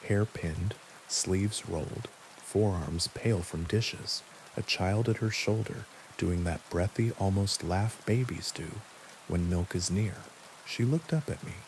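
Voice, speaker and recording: Deep-voiced man narrating calmly. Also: a little hiss or hum, low-quality recording. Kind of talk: scripted first-person horror narration. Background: steady rain.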